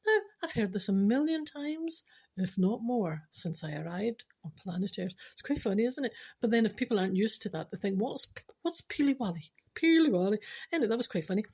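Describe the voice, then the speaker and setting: A Scottish woman in middle age talks through her spiritual podcast in a loose, chatty way. She teases herself and slips into whispered asides. Her pitch sits in the ordinary middle range for a woman. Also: expressive, a little fast, gravelly, a little mellow, slightly rough. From Scotland. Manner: self-mocking, playful, drops into whispered asides. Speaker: podcast host.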